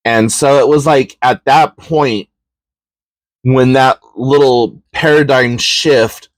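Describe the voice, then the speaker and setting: A man's voice: mid-range voice, fairly even intonation, takes it slowly, dry recording. A man hosting a podcast, telling a personal story in a candid, reflective way with frequent ums and likes. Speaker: podcast host.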